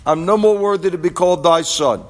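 A man preaching a sermon and reading scripture, with a measured, emphatic delivery. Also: high voice. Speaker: pastor. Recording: long reverb of a large hall.

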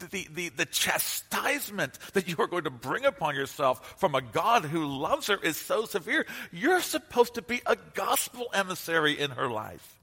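A man's voice: high-pitched, sing-song, normal speed, bright, forceful tone, husky. A man preaching a sermon as pastor, impassioned and emphatic, building to bursts of intensity. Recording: long hall reverb.

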